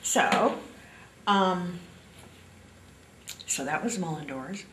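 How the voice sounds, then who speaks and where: A woman's voice: on the low side, expressive, very slow, fairly bright tone, echoey room, a little hiss or hum, low-quality recording. A woman interviewing for an oral history, laughing along and answering with brief agreement.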